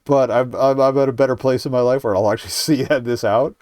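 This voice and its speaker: A man's voice: mid-range voice, steady tone, a little fast, darkish tone, no room sound. A man streaming himself reading a visual novel aloud at home, breaking off for wry, casual comments. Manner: reacts wryly, swears, keeps voice down at night. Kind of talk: game narration with casual commentary. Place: home, night.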